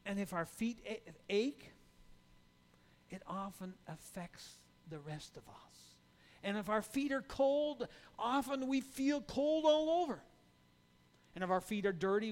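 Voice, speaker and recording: A man preaching a sermon in a conversational way, with rhetorical "right?" asides and stammered restarts. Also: sits high.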